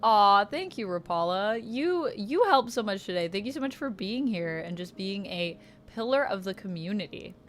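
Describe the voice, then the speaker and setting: A woman's voice: medium pitch, expressive, moderate pace, few pauses, a little hiss or hum. A woman chatting casually on a livestream while she colors, reading out and thanking viewers. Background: faint background music.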